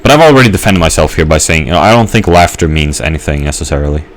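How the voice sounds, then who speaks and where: A man's voice: very deep voice, expressive, very fast. A young man giving a rambling let's-play commentary, musing and hesitant with many fillers and restarts. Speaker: gamer.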